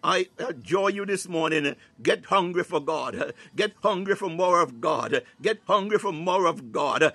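A man's voice: sits high, a bit bright, slightly rough, dry recording. A man preaching a fervent morning prayer and exhortation, quoting scripture and breaking into tongues between phrases, with many "uh"s and "hallelujah"s. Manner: fills pauses with "uh" and "hallelujah"; quotes scripture in King James wording.

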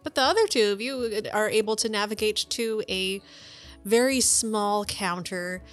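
A woman running a tabletop role-playing game as game master, narrating in a relaxed, matter-of-fact way. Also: medium pitch, measured pace, soft background music.

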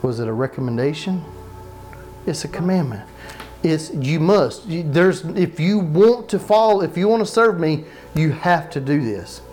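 A pastor giving a sermon to a live congregation, preaching conversationally, asking the people questions, repeating phrases for emphasis and dropping in joking asides. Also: male voice, on the high side, lively intonation, normal speed, a little mellow, soft background music. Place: church sanctuary with live congregation.

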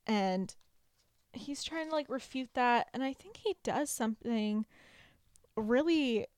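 A woman co-hosting a casual book club podcast, chatty and quick to act out quotes, laughing along. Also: on the high side, lively intonation, a little mellow, clear, resonant tone, no echo. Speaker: podcast co-host.

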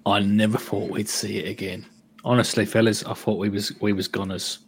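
A man doing a rough, folksy adventurer. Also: fairly low pitch, little pitch movement, fairly quick. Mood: relieved. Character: rough-spoken male adventurer, weary and relieved.

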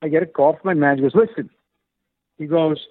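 A man telling an animated, filler-heavy story about his acting career, slipping into the voices of the people he quotes. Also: a little high, fast talker, breathy edge, no room sound. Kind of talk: casual storytelling interview. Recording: dry, phone-like narrow sound.

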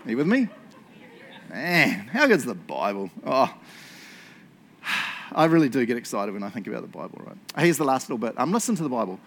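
A man preaching a casual sermon, telling stories in an excitable, chatty way and laughing along. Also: medium pitch, moderate pace, long pauses.

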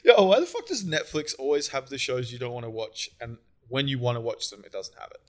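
A young man from Australia trading jokes on a podcast. His voice is mid-pitched and casual, and he swears and laughs often. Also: sing-song, fairly quick. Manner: joking, laughs a lot, swears. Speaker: podcast co-host. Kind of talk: casual chat.

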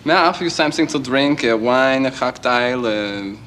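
A man's voice: medium pitch, animated, moderate pace, a bit bright, close to an everyday voice. A man acting out a fussy, overly polite art gallery clerk in a film scene. His accent is foreign and hard to place, and he twists his English words around. His voice sits in a middle register, with a little background noise behind it. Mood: prim. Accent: unplaceable put-on foreign accent.

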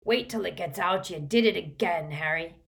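A woman's voice: lowish voice, moderate pace, gravelly. A woman voicing a big, blunt, growling giant man in a storybook reading. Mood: gruff.

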